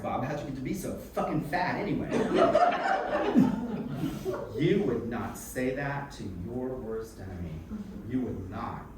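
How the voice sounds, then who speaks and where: A man telling a personal story to a live audience in an animated, self-mocking and frank way, swearing freely. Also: mid-range voice. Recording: echoey room from a distant mic with background noise.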